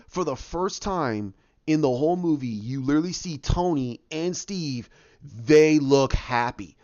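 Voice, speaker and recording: A man hosting a podcast, eagerly retelling a story in a fast, animated way with frequent restarts. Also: fairly high pitch, dry recording. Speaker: podcast host. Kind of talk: excited casual retelling. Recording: dull, dry lo-fi audio.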